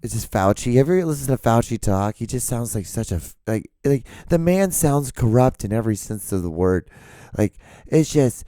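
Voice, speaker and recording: A man hosting his own podcast in a loose, joking ramble, hoarse and gravelly as if he has lost his voice. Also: mid-range voice, expressive, normal speed, mellow, dry recording, clean studio sound. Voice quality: gravelly, smoker-like. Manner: loose, joking, swears freely. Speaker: podcast host.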